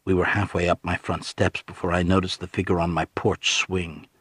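Deep husky male narrator. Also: level tone, normal speed, a bit bright, no room sound, clean studio sound. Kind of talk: audiobook narration.

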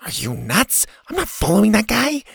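A man's voice: fairly high pitch, big pitch swings, moderate pace, vocal fry, a bit bright, husky, no echo, pitched above the performer's own voice, full character voice. A man reading a storybook voices a nervous, complaining boy camper in a raised, lighter voice. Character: boy camper, jumpy and wary.

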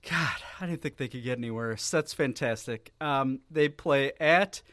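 Dry, bright-voiced male sports podcaster. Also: medium pitch, normal speed, dry recording. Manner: wry, deadpan delivery with bursts of laughter. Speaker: podcast co-host. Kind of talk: casual sports chat.

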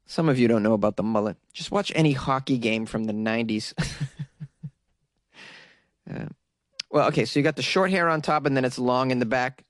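A man's voice: mid-range voice, a little fast, long pauses, no room sound, clean studio sound. A young man from Massachusetts hosting casual news commentary, with joking, sarcastic asides. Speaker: host.

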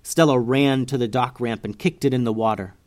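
A man reading a children's adventure story aloud with expressive narration. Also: medium pitch, a little fast.

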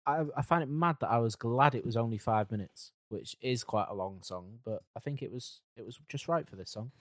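A man co-hosting a music podcast, relaxed and a bit hesitant in casual chat. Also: mid-range voice, brisk, dry recording. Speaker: podcast co-host.

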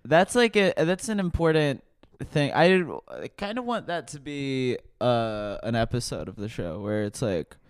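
A man's voice: medium pitch, lively intonation, a little slow, hardly any pauses, clear, resonant tone, no room sound, studio quality. A man co-hosting a podcast, riffing on comedy bits in a loose, playful way and slipping into silly voices. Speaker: podcast co-host.

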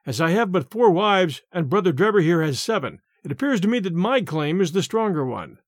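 A man's voice: high voice, big pitch swings, a little fast, no echo, studio quality. A man voicing a self-righteous young male churchman in a storybook reading. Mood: boastful.

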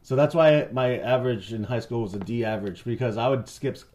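A man's voice: medium pitch, fairly quick, a little mellow. A young man hosting a podcast in casual, profane chat, laughing often. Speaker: podcast host.

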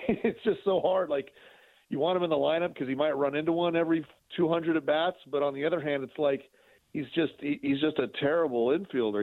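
A man calling in to a sports radio show, laughing and ranting in halting, exasperated bursts. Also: medium pitch, dry recording. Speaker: caller. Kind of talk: call-in radio rant. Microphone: phone. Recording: tinny phone line.

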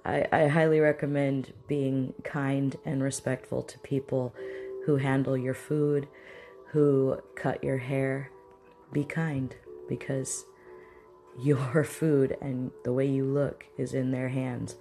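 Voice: medium pitch, flat delivery, slow, warm tone. Conversational mindfulness teacher over faint music. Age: adult with children. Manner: conversational, acts out example dialogues. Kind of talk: casual spoken lesson.

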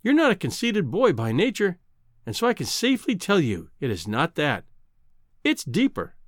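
A man reading a storybook, voicing a proud young woman who gently turns down a suitor in a lightly reproving way. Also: fairly high pitch, huge pitch swings, moderate pace, no echo, studio quality. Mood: gentle. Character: proud, teasing young woman being courted.

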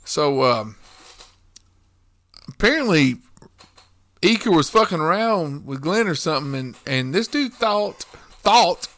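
A man's voice: a little high, sing-song, unhurried, long pauses, fairly bright tone. A man in casual chat, telling a workplace story with heavy swearing and acted-out quotes.

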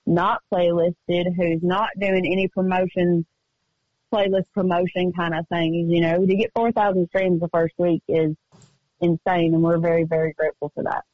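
A woman singer-songwriter chatting as a guest in a radio interview, telling stories in an upbeat, quick way. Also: lowish voice, dry recording, highs cut off. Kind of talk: casual radio interview chat. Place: remote call from home studio.

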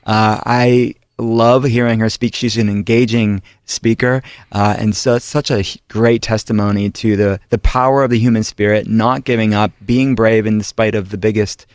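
A man's voice: fairly low pitch, steady tone, moderate pace, hardly any pauses, a little mellow, clean tone, dry recording, studio quality. A man co-hosting a podcast who talks earnestly and with admiration. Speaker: podcast co-host. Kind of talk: casual podcast chat.

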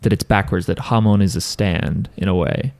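Podcast host, young man, low voice, loose rambling delivery with fillers and laughter. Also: moderate pace, creaky, darkish tone. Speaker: podcast host reading listener emails. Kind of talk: casual chat.

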